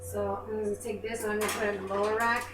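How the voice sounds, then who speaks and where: This young woman talks rapid-fire in a medium pitch with little variation in tone. Filming a relaxed cooking demo in her echoey, noisy kitchen, she prepares food while being apologetic and self-deprecating.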